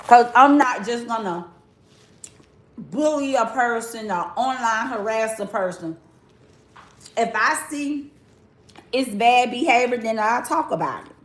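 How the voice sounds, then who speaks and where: A woman's voice: high-pitched, roomy sound. A woman in her forties hosting a live-stream commentary, blunt and sassy, talking straight to her chat. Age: 40s. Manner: drawn-out, talks straight to the chat.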